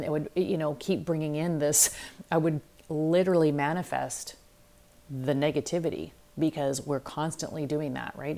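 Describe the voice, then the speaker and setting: A woman's voice: deep voice, darkish tone. A middle-aged woman, a life coach hosting a solo self-help podcast, talking candidly and reflectively, sometimes acting out her own inner voices.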